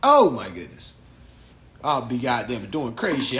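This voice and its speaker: A young man hosts a casual livestream chat into a phone, talking in a profane, animated way and laughing often. His pitch swings widely and his tone is bright. A faint background ambience is always present. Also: moderate pace, a little hiss or hum. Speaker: livestream host.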